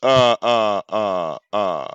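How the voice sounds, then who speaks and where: A man, telling a story casually to his audience. He talks in an animated, profane way, often repeating words and restarting his sentences. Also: on the low side, drawn-out words, clean tone, no echo, highs cut off. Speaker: channel host.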